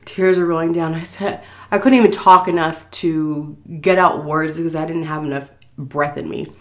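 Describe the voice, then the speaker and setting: A woman's voice: low voice, steady tone, normal speed. A woman recovering from the flu, out of breath and sighing as she chats to her viewers. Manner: chatty, addresses viewers directly. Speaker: food vlogger. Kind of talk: casual storytelling to camera.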